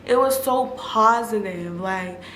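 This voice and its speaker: A woman's voice: mid-range voice, slow, a bit bright. A young woman vlogger telling a personal story in a candid, casual way, with lots of "like" and cursing. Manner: candid and emotional, filler-heavy, swears freely. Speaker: food vlogger. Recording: echoey room with faint noise.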